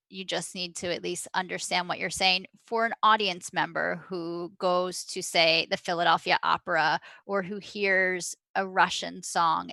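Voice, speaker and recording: A woman's voice: lowish voice, creaky, pushed and bright, no echo, poor audio. A woman hosting an interview, curious and asking probing questions. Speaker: host. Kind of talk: conversational interview.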